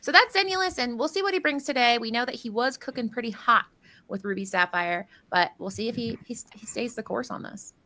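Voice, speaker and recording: This caster's voice is fairly high, a little fast, and sharp in tone. She's a woman providing live commentary for a card game tournament, joking and rambling as she runs through player introductions and anecdotes.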